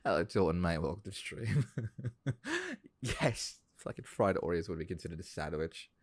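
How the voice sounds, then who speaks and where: A young man streaming a game, ranting excitably with heavy swearing. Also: deep voice, normal speed, no echo. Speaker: gaming streamer. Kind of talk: live-stream rant.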